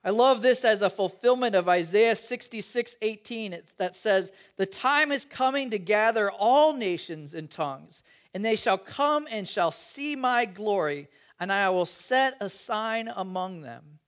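Pastor preaching a chatty, animated sermon. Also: male voice, high-pitched, measured pace.

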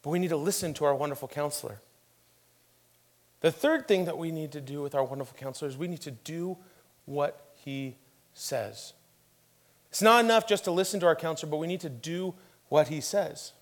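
A middle-aged man preaching a sermon as pastor, telling stories with lively emphasis and dropping to a hushed tone for scripture. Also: fairly high pitch, fairly quick. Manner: animated storytelling with acted quotes, then quiet and hushed for scripture.

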